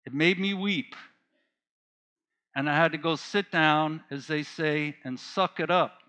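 Guy preaching, slow n earnest, kinda bright high voice, gets choked up on a note. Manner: earnest, emotional testimony, repeats phrases for emphasis. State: choked up while reading. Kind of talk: sermon.

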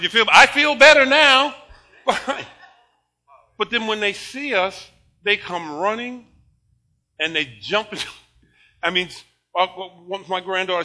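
An older man preaching a sermon, animated and laughing often, moving between shouted praise and quiet storytelling. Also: high-pitched, low-quality recording. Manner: laughs often while talking.

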